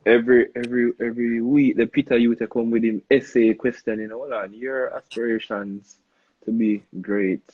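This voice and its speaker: Husky young Jamaican man hosting a stream. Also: medium pitch, steady tone, normal speed, phone-quality sound. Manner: loose, playful patois banter. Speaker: host. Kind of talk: casual live-stream interview.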